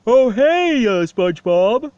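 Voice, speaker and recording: A man's voice: extremely high pitch, very animated, takes it slowly, darkish tone, smooth, dry recording, muffled recording, pitched above the performer's own voice, exaggerated voice. A man voicing a dim-witted, goofy male starfish with a dopey, sing-song delivery.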